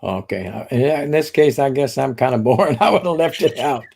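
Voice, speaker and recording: A man's voice: medium pitch, lively intonation, fairly quick, creaky, darkish tone, slightly rough. Guy joining a live stream, blunt and casual, swears a bit, medium voice. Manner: blunt, casual, curses lightly.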